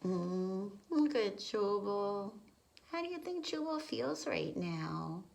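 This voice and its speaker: A woman's voice: medium pitch, animated, slow pace, vocal fry, a little mellow, poor audio. A woman reading a picture book aloud to preschoolers, explaining words and asking questions. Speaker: preschool story reader. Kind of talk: children's read-aloud lesson.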